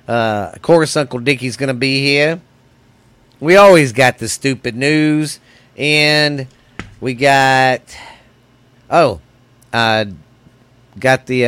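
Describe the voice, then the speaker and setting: A man's voice: mid-range voice, fairly bright tone, smooth, dry recording. Rowdy man hosting a podcast. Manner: rowdy, profane, rambling, calls listeners baby. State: stuffy from sinus trouble. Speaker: podcast host. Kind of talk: casual rambling podcast monologue. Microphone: close studio mic.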